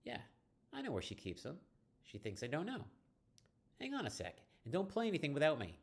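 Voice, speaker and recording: A man's voice: on the high side, brisk, voice pushed up, heavily acted. A man voicing a bitter young woman who is dismissive of her mother, reading from a text game. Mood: conspiratorial. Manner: flat, dismissive.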